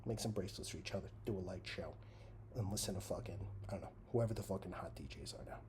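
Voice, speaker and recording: A man rants with profane, sarcastic energy, jumping from loud outbursts to muttered asides. His voice sits a bit low and sounds dark and mellow. A faint hum of ambience runs underneath. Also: quick pace. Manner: swears constantly, sarcastic, swings between shouting and muttering. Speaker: commentary show host. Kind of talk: profane comedic rant.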